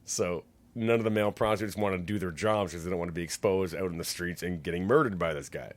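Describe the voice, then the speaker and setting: A man's voice: deep voice, fast. A man co-hosting a casual podcast chat, rambling and laughing as he retells movie scenes. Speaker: podcast co-host. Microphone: podcast mic.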